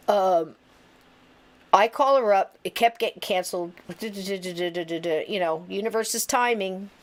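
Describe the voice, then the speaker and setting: A woman around sixty hosting a podcast, telling stories in casual chat and acting out other people's words as she goes. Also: on the low side. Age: about 60. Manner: animated, tells stories with quoted voices and asides. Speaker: podcast host.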